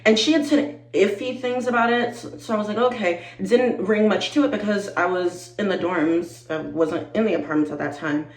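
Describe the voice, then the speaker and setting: A woman in her twenties chatting to camera, animated and talkative, calling her viewers y'all and growing teary-eyed. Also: medium pitch, normal speed, hardly any pauses, roomy sound, low-quality recording. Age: 20s. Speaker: vlogger. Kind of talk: casual chat to camera.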